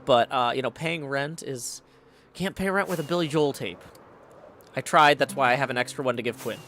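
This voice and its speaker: A man's voice: medium pitch, normal speed, fairly bright tone, slight background noise. A man hosting a game stream, rambling and joking casually while he plays. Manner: rambling, jokey.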